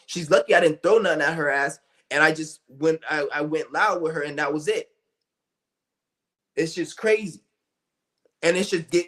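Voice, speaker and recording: A young man streaming a loose, profane rant, his voice sitting a little high for a man. He restarts sentences constantly and piles on fillers as he circles his point. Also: fairly bright tone. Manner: blunt, profane, rambling with many restarts and fillers. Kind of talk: ranting monologue.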